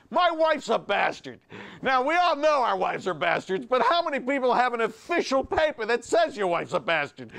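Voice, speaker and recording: Animated exasperated male comedy host. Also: high-pitched. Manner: animated, exasperated, self-mocking. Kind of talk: stand-up comedy monologue.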